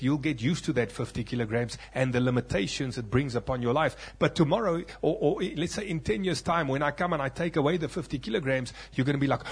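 A male preacher delivers a sermon testimony, recounting his story with drama and voicing different characters. His husky, fairly high-pitched voice swings between loud outbursts and quiet, hushed moments.

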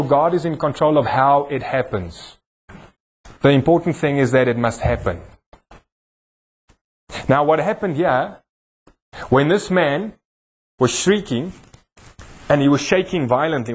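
A husky man with a South African accent preaches a sermon in a church, with a voice pitched a little high. He teases a volunteer with a playful humor and builds emphasis as he preaches. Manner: jokey, teasing with a volunteer, preaching with rising emphasis. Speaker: pastor. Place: church hall.

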